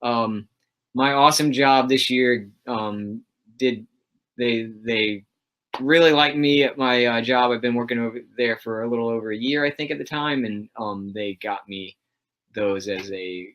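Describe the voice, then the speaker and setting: A man's voice: mid-range voice, unhurried, a bit bright, muffled recording. A man hosting a casual livestream chat, talking about comics in a rambling, enthusiastic way with lots of fillers. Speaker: host of a livestream.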